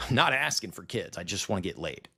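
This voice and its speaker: A man's voice: low-pitched, vocal fry, background noise. A man in his thirties delivering a bitter, exasperated, profanity-filled rant, repeating himself as he vents. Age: 30s. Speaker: vlogger. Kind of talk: ranting monologue to camera.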